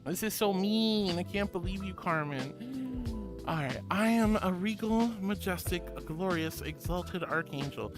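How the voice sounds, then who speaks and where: A woman's voice: mid-range voice, expressive, measured pace, music in the background. A woman streaming as a VTuber host, chatting casually, reading chat aloud and thanking viewers with affectionate pet names.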